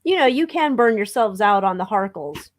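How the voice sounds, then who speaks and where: A woman's voice: mid-range voice, animated, normal speed, slight background noise. A woman co-hosting a live tarot stream, chatting in a playful, joking way. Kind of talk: casual live-stream chat.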